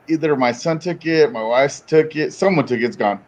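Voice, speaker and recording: A man's voice: fairly high pitch, fairly quick, a little mellow. A man joining a stream for a casual chat, laid-back and slangy, throwing in "dude" often. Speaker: guest on a stream. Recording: dull lo-fi sound.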